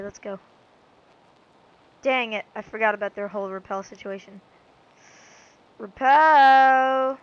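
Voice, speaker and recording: A woman's voice: mid-range voice, fairly bright tone, dull audio. A woman giving rambling, goofy, self-mocking commentary while she plays a game. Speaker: let's-play gamer. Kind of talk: casual gameplay commentary.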